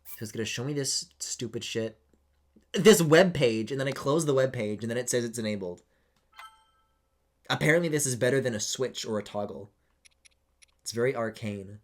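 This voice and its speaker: A man streaming a video game, chatting casually, rambling and swearing, with sudden excited squeals. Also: medium pitch. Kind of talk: casual live-stream commentary. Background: game music.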